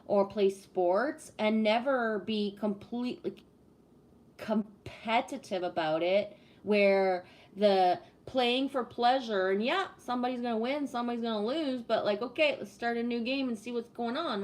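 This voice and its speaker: A woman chatting casually on a live stream, reading viewer comments and ranting with plenty of swearing. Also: a little slow. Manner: swears a lot, rants with rising pitch; talks to chat, reads comments aloud.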